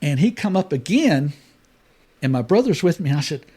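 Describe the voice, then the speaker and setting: An older man tells fishing stories in a studio chat, his voice pitched a bit high for a man. He acts out the other people in his stories, leaping up in pitch for their lines. His delivery is lively and homespun. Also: normal speed, slightly rough. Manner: animated storyteller, acts out quoted voices with big pitch jumps. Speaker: guest angler telling stories. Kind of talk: casual studio podcast chat.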